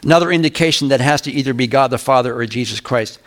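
Here a pastor, an older man, works through scripture verse by verse, reading slowly and breaking off to chat with the congregation. His pitch is medium and his tone fairly bright.

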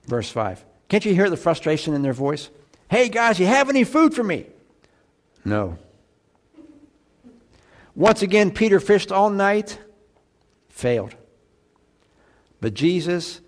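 A man preaching a sermon, asking the congregation questions, getting loud on emphatic lines and dropping low and quiet on others. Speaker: pastor.

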